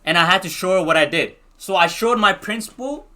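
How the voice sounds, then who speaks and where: A young man from Pakistan telling a story from his school days in a casual storytime, slangy and excitable, full of restarts. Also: sits high, fairly quick.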